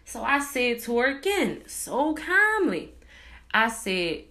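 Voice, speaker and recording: A woman's voice: a little high, takes it slowly. A young woman casually telling a story to viewers, acting out both sides of a phone argument, swearing freely and calling her listeners y'all. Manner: animated retelling, acts out both sides of a phone call.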